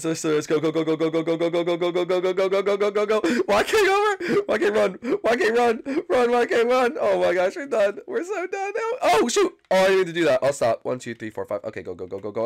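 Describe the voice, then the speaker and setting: A young man hosts a gaming channel, delivering excited, frantic commentary and often yelping or screaming when something chases him. His voice is high with vocal fry, and he talks a little fast.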